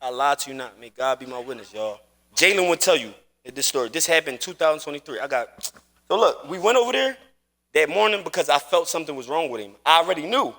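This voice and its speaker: A man's voice: fairly high pitch, lively intonation, quick pace, a bit bright. A man streaming live, telling a personal story in casual chat while gaming, emphatic and repetitive, swearing oaths as he goes.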